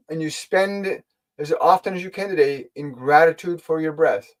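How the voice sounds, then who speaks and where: A man's voice: a little high, a little fast, low-quality recording. A man hosting a live spiritual stream, earnestly guiding viewers and answering their questions, repeating key phrases for emphasis. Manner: gentle, speaks directly to viewers. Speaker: spiritual teacher and channel host.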